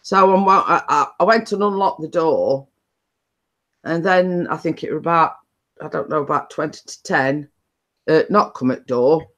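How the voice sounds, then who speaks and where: A woman's voice: low voice, normal speed, fairly bright tone. A woman hosting a chatty live stream, telling stories in a rambling way with many restarts.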